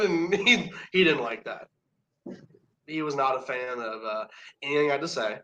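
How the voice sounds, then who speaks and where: Brief: male wrestler guest, bright forward tone, loose rambling storyteller with plenty of restarts. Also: medium pitch, measured pace, pauses often, poor audio. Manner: rambling, laughs between stories, many restarts. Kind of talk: casual storytelling chat.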